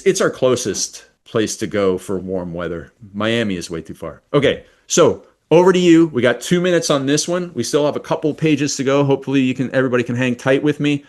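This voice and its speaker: A man leading a live online coaching workshop, talking in a quick, energetic and enthusiastic way. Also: medium pitch.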